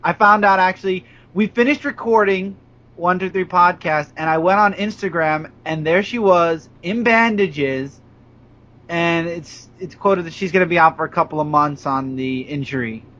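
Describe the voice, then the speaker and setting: A young man from Brooklyn talks wrestling in a high, bright-edged voice, full of blunt opinions and teasing jabs. He rambles from point to point over a dull, lo-fi recording. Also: moderate pace. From Brooklyn, New York. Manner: opinionated, playful insults, rambling. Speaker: podcast co-host. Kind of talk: casual wrestling chat.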